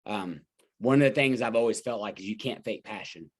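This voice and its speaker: A man's voice: lowish voice, fairly quick. A man hosting a podcast, chatting casually and enthusiastically with his guest. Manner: enthusiastic, complimentary. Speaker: podcast host. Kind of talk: casual interview chat.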